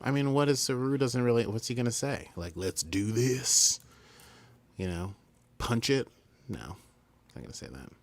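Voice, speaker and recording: A man's voice: medium pitch, expressive, brisk, a little mellow. A man co-hosting a podcast, chatting casually as he recaps a story and mimics the characters. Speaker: podcast co-host.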